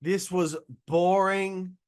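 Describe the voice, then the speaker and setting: A man's voice: high-pitched, level tone, drawn-out words, darkish tone, smooth. A young man hosting a casual show, giving a blunt, exasperated review and swearing freely. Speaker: host reviewing wrestling shows.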